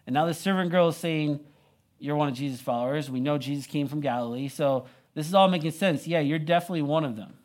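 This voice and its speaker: Young guy pastor, sermon but super casual, lots of "like", voice on the higher side. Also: fast, a little mellow. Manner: casual, conversational retelling with many "like"s.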